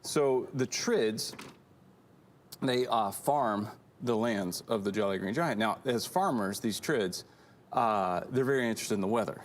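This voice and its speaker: A man's voice: a little slow, slight background noise. A man co-hosting a casual church show, telling a long shaggy-dog joke with lots of animation. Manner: animated storyteller, jumps into high squeaky voices for characters. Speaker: co-host.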